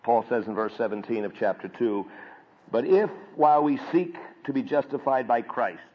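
A man preaching a sermon from scripture, building up to loud emphatic peaks and then dropping back low. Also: moderate pace, slightly rough. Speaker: pastor. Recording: dull audio with long hall reverb.

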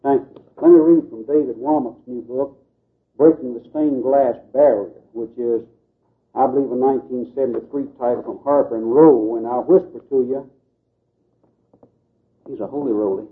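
A man's voice: medium pitch, fairly even intonation, normal speed. Man lecturing on old tinny tape. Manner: earnest preacherly delivery with folksy asides. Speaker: Baptist missions speaker. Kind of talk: lecture to a group.

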